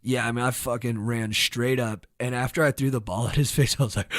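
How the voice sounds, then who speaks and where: A young man, a podcast co-host, telling a casual story in an animated way, sometimes shouting when acting out the scene. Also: medium pitch, a little fast, no room sound. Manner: animated, bursts into shouted reenactments.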